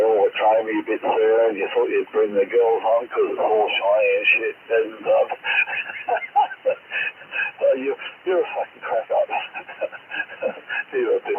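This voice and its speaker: A middle-aged Australian man chatting on CB radio, telling a rambling story and swearing constantly. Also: lowish voice. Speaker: CB radio operator. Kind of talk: crude banter over radio. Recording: noisy tinny radio transmission.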